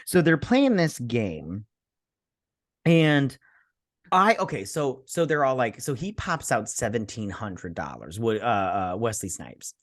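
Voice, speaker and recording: A tipsy man co-hosting a casual movie review, rambling and animated as he tells stories. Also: mid-range voice, slow. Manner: rambling, animated storyteller with many restarts. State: tipsy from drinking. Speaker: podcast co-host.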